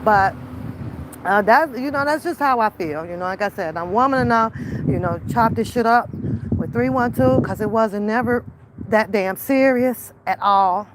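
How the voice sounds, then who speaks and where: A woman vlogger chatting casually, telling loud, profane, laughing stories. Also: mid-range voice, slight background noise. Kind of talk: casual chat.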